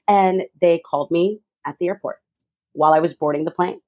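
A young woman telling a lively personal story as an interview guest, acting out other people's voices with big jumps in pitch. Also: brisk. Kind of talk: animated storytelling.

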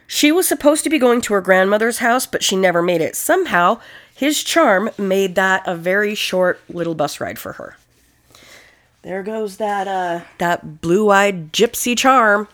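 Brief woman podcast co-host, lively swinging pitch, profane animated storyteller. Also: normal speed. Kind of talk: casual true-crime chat.

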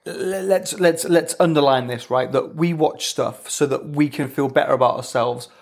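A woman co-hosting a podcast in casual chat, blunt, teasing and quick to swear. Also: deep voice, a little mellow. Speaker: podcast co-host.

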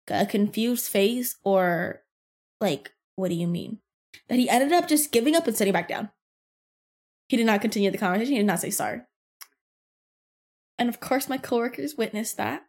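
A young woman hosting a podcast, telling a workplace story in a casual, profane and animated way. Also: mid-range voice. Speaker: podcast host.

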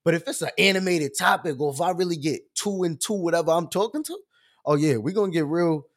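A man hosting his own live stream, talking in an animated, loud and expressive way with casual slang and lots of fillers. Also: fairly high pitch, fast.

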